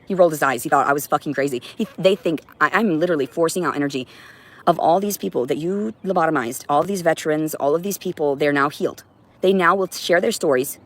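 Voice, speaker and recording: A woman livestreaming an agitated, profane monologue, preaching directly at her viewers. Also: low voice.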